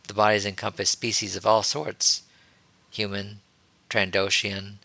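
A man reading a story aloud as narrator, in a steady, even storytelling manner. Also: fairly low pitch, unhurried, gravelly, no room sound. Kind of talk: audiobook reading of fan fiction.

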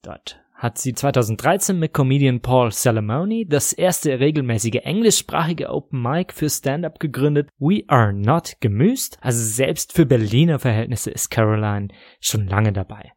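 A man hosting a podcast and reading a scripted introduction in a measured, self-deprecating way. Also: medium pitch, lively intonation, a little mellow, dry recording, clean studio sound. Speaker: podcast host.

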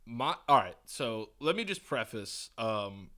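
A New York man co-hosting a podcast tells a story in casual conversation, speaking slowly in a medium-pitched voice. He's animated and swears, loudly acting out the people he quotes.

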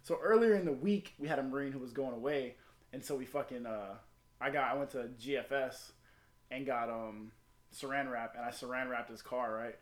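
A man's voice: medium pitch, normal speed, reverberant. A former Marine telling a story in casual, profane chat and acting out the people he quotes.

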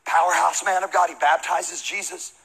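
A pastor from the American South who preaches his sermon as lively, high-energy comic storytelling. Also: normal speed, creaky, husky, poor audio.

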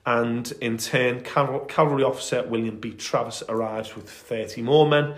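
A man's voice: mid-range voice, steady tone, normal speed, fairly bright tone, roomy sound. Chatty man telling history. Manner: enthusiastic storytelling with many fillers. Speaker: podcast co-host. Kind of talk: casual history chat.

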